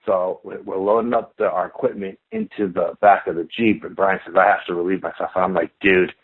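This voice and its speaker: A man's voice: low-pitched, steady tone, fairly quick, breathy edge. A man telling his eyewitness story in loose, dramatic everyday talk, acting out what each person said. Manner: talkative, dramatic, acts out what people said; loose speech with "like" and "you know" fillers and swearing. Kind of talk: casual spoken storytelling. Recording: tinny phone-line audio.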